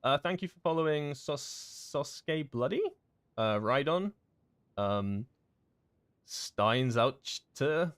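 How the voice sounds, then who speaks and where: A man streaming a game in casual chat, rambling and chatty with many fillers and quick laughs. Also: on the high side, lively intonation, no room sound. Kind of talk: casual live-stream chat while gaming.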